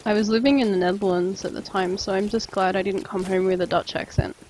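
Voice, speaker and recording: A young woman with an Australian accent talks through a live game stream, chatty and rambling as she answers her chat. Her voice sits at a middle pitch, easygoing and conversational, with a faint hum of noise in the background. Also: steady tone, fast, darkish tone, rough recording. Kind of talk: casual live-stream chat while playing.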